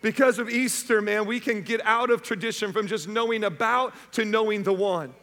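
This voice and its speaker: Male pastor, sermon, high voice, lively and chatty, long church reverb. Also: moderate pace. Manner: energetic, conversational, calls to the audience. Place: church auditorium.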